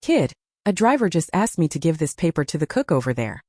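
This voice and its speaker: Woman voicing a brisk secretive young woman. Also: sits low, sing-song, darkish tone, slightly rough, no echo, clean studio sound, full character voice. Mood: coaxing. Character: calm masked young woman, secretive helper.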